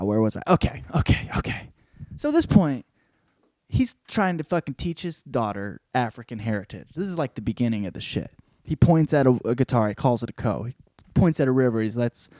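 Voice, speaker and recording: A young man hosting a podcast, recapping a novel in a casual, heavily profane way, jumping into quick character voices. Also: lowish voice, creaky, no room sound, clean studio sound. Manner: swears constantly, animated retelling with quick voice switches. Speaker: podcast host reviewing a book.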